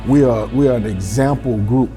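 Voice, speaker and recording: A man's voice: medium pitch, moderate pace, mellow, faint music behind. A man who is a football coach, speaking as a guest in an easygoing, reflective way. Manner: easygoing, reflective, many "you know"s. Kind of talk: casual conversation.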